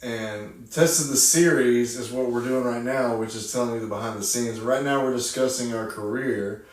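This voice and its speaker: A man's voice: medium pitch, steady tone, normal speed. A man co-hosting a casual chat, rattling off lists of titles. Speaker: co-host. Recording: echoey room, distant mic.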